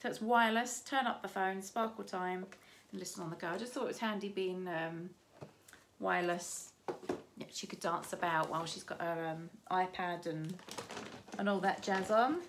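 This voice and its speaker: A woman's voice: on the low side, moderate pace, background noise. A woman in her fifties with grandchildren, chatting casually and rambling through a shopping haul with many restarts. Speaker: vlogger showing a shopping haul.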